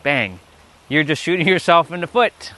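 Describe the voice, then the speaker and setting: A man hosts a loose motivational livestream outdoors, wandering among rocks as he talks to viewers. His voice sits a bit high and sounds bright and forceful. He is blunt and playful, swears freely, and makes up catchy acronyms as he goes. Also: animated, moderate pace, dry recording. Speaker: livestream host. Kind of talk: casual motivational livestream talk.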